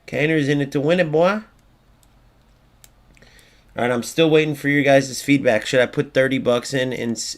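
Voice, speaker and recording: A man streaming a football video game, commenting live, swearing freely and talking to his viewers. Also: mid-range voice. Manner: excitable, swears freely, talks to chat. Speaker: gaming streamer.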